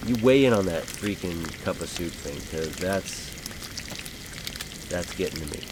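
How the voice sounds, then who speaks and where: Low-voiced laid-back gaming host. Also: male voice, expressive, measured pace. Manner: rambling and easygoing, with chuckles. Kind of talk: casual gameplay commentary. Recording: clearly audible game noise behind voice.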